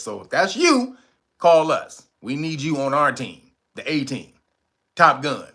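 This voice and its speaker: A middle-aged man hosting a casual livestream, loud and joking, laughing often and jumping into high playful voices. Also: sing-song, moderate pace, slightly rough. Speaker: livestream host.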